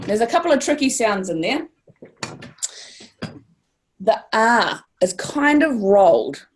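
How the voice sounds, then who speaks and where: A woman with a New Zealand accent teaching a class, upbeat and encouraging, stretching words out to model sounds. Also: mid-range voice. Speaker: language teacher.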